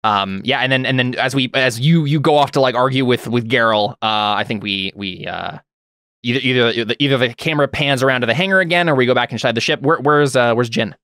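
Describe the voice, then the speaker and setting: A man running a tabletop role-playing session as game master, setting scenes for his players in a halting, filler-heavy way. His voice sits at an ordinary middle pitch, and the sound is dry and close, with no room echo. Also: bright, forceful tone. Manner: halting, many fillers and restarts.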